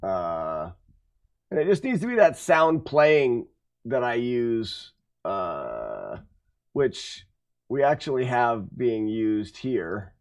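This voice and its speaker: A man streaming his game work, talking things through in a casual, halting way. His voice moves expressively up and down as he muses and corrects himself, and he keeps up a loose, self-correcting flow. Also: medium pitch, sing-song, soft background music. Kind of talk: casual think-aloud commentary.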